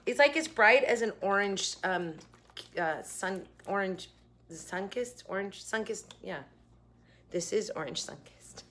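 A woman's voice: mid-range voice, animated, a little slow, a bit bright, a little hiss or hum. A young woman chatting casually in her home kitchen as she reviews food, rambling with giggly asides. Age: young adult. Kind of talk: casual chat.

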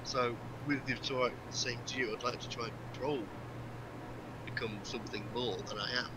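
A man's voice: mid-range voice, fairly even intonation, moderate pace. Earnest player over a noisy line, man. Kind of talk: speaking in character in a tabletop game. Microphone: online voice chat.

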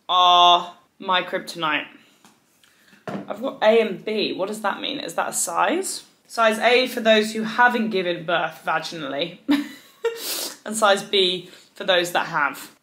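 A woman in her twenties talking casually to the camera at home, rambling, animated and swearing freely. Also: on the low side, measured pace, a little hiss or hum. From United Kingdom. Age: 20s. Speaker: vlogger. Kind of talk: casual chatty vlog.

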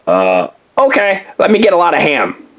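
A man voicing a hungry, slow-witted male bulldog pup in a toy play-along story, with a husky, rambling drawl. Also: high voice, huge pitch swings, fairly bright tone, full character voice, poor audio.

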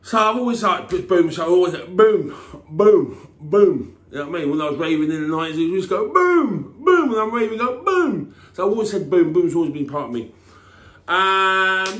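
An English man chatting casually as a TV personality, rambling and restarting, breaking into loud catchphrase shouts. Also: reverberant. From England. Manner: rambling, full of restarts and "you know what I mean", bursts into loud "Boom" shouts. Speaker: TV personality answering fan questions. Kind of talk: casual chat.

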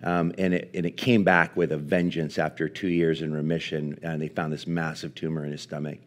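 Man, very deep voice, preacher, earnest sermon storytelling, halting delivery. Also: flat delivery. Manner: earnest, halting with restarts and fillers. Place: live church service.

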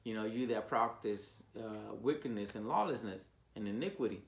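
A man preaching an informal sermon, earnest and repetitive, with his voice rising loud on key words. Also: on the low side, normal speed, gravelly, reverberant, a little hiss or hum.

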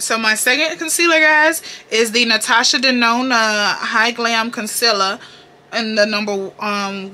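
A young woman from the Carolinas with a Southern accent talks through her makeup routine like she's chatting with friends. Her tone is bright and forward, full of sass, slang and cheerful swearing. She sounds close to the mic in a room at home. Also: mid-range voice, slight background noise. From North Carolina, US. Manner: sassy, profane, playful slang. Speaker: beauty vlogger. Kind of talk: casual makeup tutorial chat.

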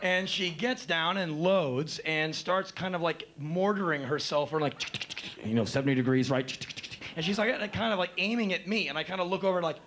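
A middle-aged man telling stories live on stage, animated and acting out the people in them, building to excited outbursts. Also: fairly high pitch, moderate pace. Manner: animated, acts out voices, builds to excited shouts. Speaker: spoken word performer. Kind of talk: live spoken word storytelling. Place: live stage before an audience. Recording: live concert recording with faint crowd noise.

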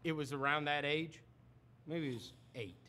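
A man's voice: on the high side, normal speed. A man hosting a sports radio show, telling a story in casual studio banter and acting out quotes. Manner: animated storytelling, acts out quotes. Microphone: studio microphone.

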